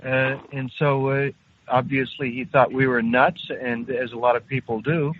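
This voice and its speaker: A man in his sixties, an interview guest, slowly recounting a personal story with many hesitations. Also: mid-range voice, level tone, a little hiss or hum. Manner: halting, unhurried, frequent hesitations. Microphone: phone call. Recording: tinny phone line.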